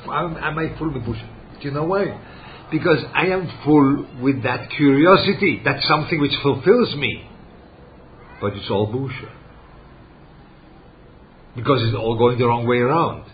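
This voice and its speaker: A man giving a religious lesson, halting and searching for words as he poses rhetorical questions. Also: mid-range voice, expressive, a little hiss or hum. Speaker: rabbi teaching Torah. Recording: dull lo-fi recording.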